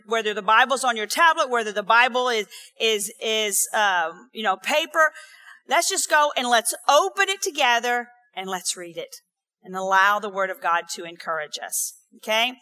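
A woman pastor giving an earnest, encouraging sermon in an empty auditorium, reading scripture slowly and repeating key words for emphasis. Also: a little high, bright, forceful tone.

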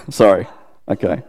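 A man's voice: a little mellow, in a large hall. Chatty Australian man preaching. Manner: chatty, self-deprecating, asks listeners questions. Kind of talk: conversational sermon.

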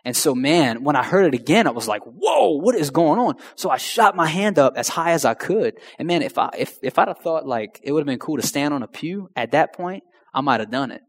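A man's voice: fairly high pitch, lively intonation, a little fast. A young man telling his personal testimony in a slangy, conversational way that addresses the crowd directly. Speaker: speaker sharing a testimony. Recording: long hall reverb.

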